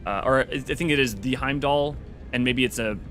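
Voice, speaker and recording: A man hosting a live game stream, chatting casually in an animated, rambling way with some swearing. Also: mid-range voice, a little fast, soft background music. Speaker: game streamer and lore host.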